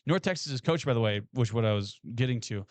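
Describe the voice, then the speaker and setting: A man co-hosting a sports podcast in casual, excitable talk with emphatic restarts. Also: mid-range voice, fast, no echo.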